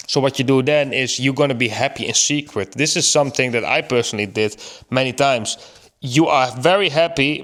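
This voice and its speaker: A man in an earnest, reflective monologue, thinking aloud with rhetorical questions and slowing down to stress key words. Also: fairly high pitch, fairly bright tone. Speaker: vlogger.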